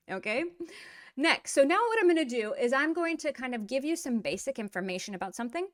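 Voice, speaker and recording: A woman's voice: a little high, no room sound, clean studio sound. A woman teaching Russian in a casual video lesson, switching between English explanations and playful acted-out Russian phrases. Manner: lively, playful, acts out example phrases in Russian.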